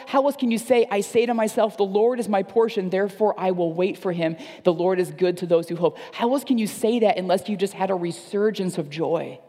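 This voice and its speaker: Pastor, male, higher-pitched with a gravelly edge, earnest sermon delivery, long reverb from a big hall. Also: darkish tone. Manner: earnest, repeats phrases for emphasis. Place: church service.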